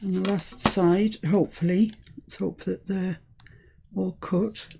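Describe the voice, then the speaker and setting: A woman's voice: mid-range voice, fairly even intonation, takes it slowly, gravelly, background noise. A woman from the UK hosting a live crafting demonstration, chatting as she talks herself through each step. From United Kingdom. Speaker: crafting channel host.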